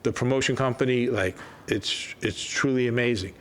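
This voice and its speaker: A man's voice: mid-range voice, moderate pace. An older man, a label founder, telling stories in a casual interview and acting out quoted dialogue. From New York. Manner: animated anecdotes, acts out quoted dialogue. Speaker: record label founder, guest.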